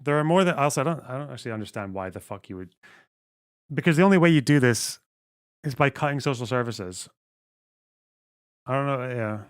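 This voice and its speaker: A man's voice: mid-range voice, lively intonation, brisk, pauses often, clear, resonant tone, dry recording. A man streams live, reading passages aloud and then breaking off into blunt, profane asides. His voice sits in an ordinary middle range. The sound is dry and close, with no room behind it. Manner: profane, sarcastic, reads text aloud and comments. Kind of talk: casual live-stream commentary.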